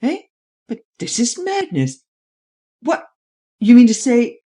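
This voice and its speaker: Reader doing an impatient statesman guy, blustery, keeps demanding results, middle pitch. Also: expressive, a little mellow, close to an everyday voice. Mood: urgent. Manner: brisk, exclamatory, pushes for quick results. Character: impatient male head of government, blustering.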